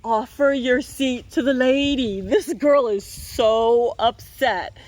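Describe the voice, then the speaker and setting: A woman's voice: on the high side, slow pace, a little mellow. A woman reading a picture book aloud, breaking off for playful, wry running commentary.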